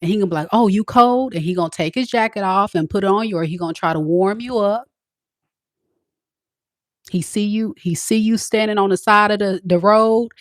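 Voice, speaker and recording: A woman tarot reader speaks straight to camera, giving blunt, preachy love advice to the women watching. Her voice is mid-range, recorded with studio quality and no echo.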